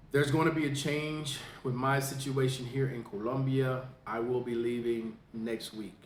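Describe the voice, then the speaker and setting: A man who hosts a veterans information podcast, from the United States, giving a casual spoken update in a plain, unhurried way with many fillers. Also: mid-range voice, flat delivery, echoey room, a little hiss or hum. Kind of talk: casual straight-to-camera update.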